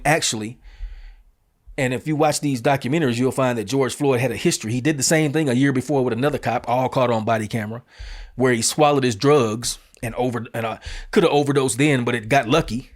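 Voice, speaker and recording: A man hosting an opinion commentary show, talking bluntly and emphatically in casual street phrasing. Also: medium pitch. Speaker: show host.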